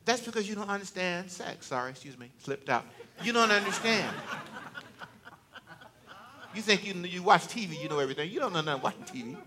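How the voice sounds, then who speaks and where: A man's voice: high-pitched, animated, a little fast, bright, forceful tone. A male preacher giving a conversational, joking sermon to a church congregation, teasing and talking directly to them.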